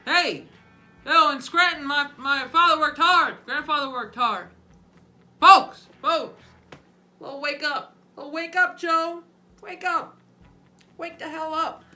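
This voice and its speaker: Lady putting on a shouty sleepy old guy politician, high and punchy, yells folks a lot. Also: slow pace, long pauses, soft background music, full character voice. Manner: rasping, shouting "folks" to wake himself. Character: a loud, drowsy elderly male politician.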